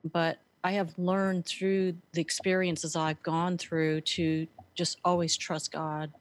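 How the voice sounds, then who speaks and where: A woman's voice: on the low side, level tone, takes it slowly, no echo. A woman telling her story earnestly as a guest, with frequent fillers. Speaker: guest, author and speaker. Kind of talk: conversational interview.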